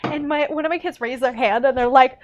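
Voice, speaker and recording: Lively, high-voiced young woman reading aloud. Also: highs cut off, slight background noise. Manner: reads with lively, drawn-out emphasis on dialogue. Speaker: teacher and book-club co-host reading aloud. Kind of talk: casual read-aloud with chat.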